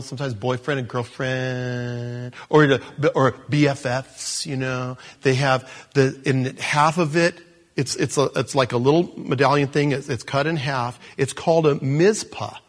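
A man's voice: mid-range voice, measured pace. A man teaching scripture as a pastor, chatty and storytelling, with restarts and sarcastic asides. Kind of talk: conversational Bible teaching.

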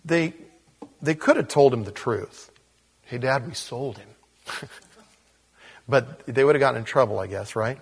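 A man's voice: medium pitch, measured pace, creaky, pauses often, husky. A man preaching in a casual teaching style, reading scripture and adding chatty asides with little acted-out quotes. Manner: casual, chuckles at his own asides, acts out quotes. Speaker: pastor. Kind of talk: conversational Bible teaching.

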